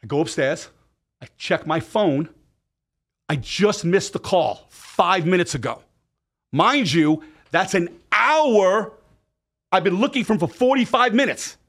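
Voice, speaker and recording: A middle-aged man telling a personal story in a casual interview, emphatic and animated. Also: sits high, measured pace, husky. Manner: emphatic, animated retelling with acted quotes and profanity. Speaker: podcast guest.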